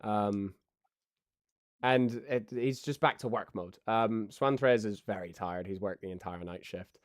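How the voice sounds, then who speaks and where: A man's voice: fairly low pitch, measured pace, dry recording, studio quality. A man narrating as game master of a tabletop game, rambling with many ums and frequent laughs.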